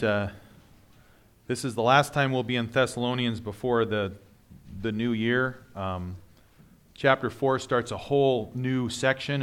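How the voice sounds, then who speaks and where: A man's voice: mid-range voice, a bit bright. A man, a pastor, preaching a sermon in a conversational way with asides.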